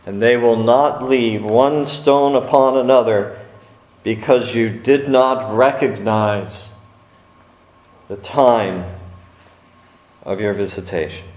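A man preaching a sermon, speaking slowly with dramatic pauses and acting out quotes from scripture stories. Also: mid-range voice, a little mellow. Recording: echoey room.

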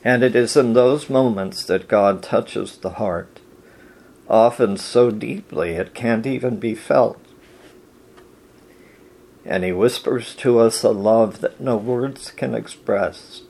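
Slow, gravelly-voiced man preaching. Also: lowish voice. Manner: slow, gentle and reflective, reading scripture aloud. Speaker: pastor. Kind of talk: devotional sermon and prayer.

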